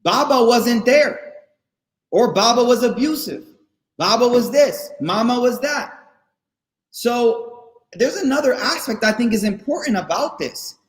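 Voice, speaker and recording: A man giving a casual, slang-filled faith talk to college students, animated and repeating phrases for emphasis. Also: very high-pitched, measured pace. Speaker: guest speaker at a faith session for students. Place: online session, room not known. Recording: roomy echo.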